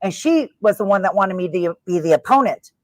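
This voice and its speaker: A woman's voice: medium pitch, a little fast, dry recording. A middle-aged woman, a former wrestler, chatting in an interview and acting out the voices of people in her stories. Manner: talkative, expressive storyteller acting out quotes. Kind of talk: casual interview chat.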